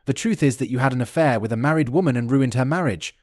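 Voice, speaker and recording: A man narrating a dramatic story in an even, steady storytelling delivery. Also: medium pitch, fast talker, no echo, studio quality.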